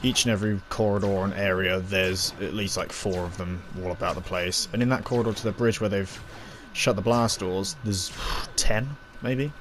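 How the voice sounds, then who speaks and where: A man with a fairly low voice talks through a review in a loose, rambling way. He recaps scenes, acts out bits of dialogue and trips over fillers. A faint hiss of noise sits under the recording. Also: fairly even intonation, moderate pace, hardly any pauses, a bit bright. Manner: rambling, full of fillers and acted-out quotes.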